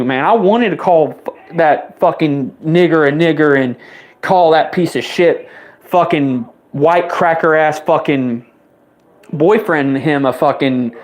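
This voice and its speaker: Young man ranting with heated profanity. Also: fairly high pitch. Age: 20s. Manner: heated, rapid-fire swearing, voice spiking up when riled. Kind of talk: angry profane rant to the camera.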